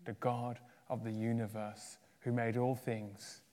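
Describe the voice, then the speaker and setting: A man preaching a sermon in a church hall, his voice carrying a long reverb through the room. He swings between forceful, raised climaxes and quiet, drawn-down closes. His pitch sits in an ordinary middle range. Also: flat delivery, measured pace. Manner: dynamic, swinging from loud emphatic peaks to hushed low endings.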